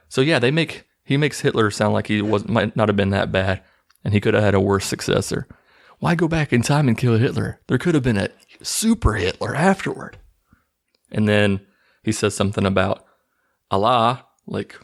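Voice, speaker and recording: A man's voice: on the low side, moderate pace, vocal fry. A man casually recapping a movie plot in a mocking, incredulous tone.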